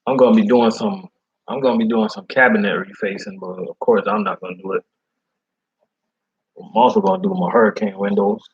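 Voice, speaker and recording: A man who is a food service delivery driver, chatting casually in slangy, animated talk. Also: on the low side, fairly quick, gravelly, muffled recording. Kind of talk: casual chat.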